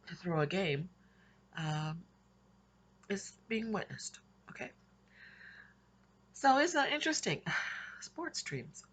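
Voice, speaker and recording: A woman's voice: low-pitched, fairly bright tone, slightly rough. A woman casually recounting her dreams in a rambling way, with frequent restarts and little laughs. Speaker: Christian vlogger recounting dreams. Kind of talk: casual spoken storytelling.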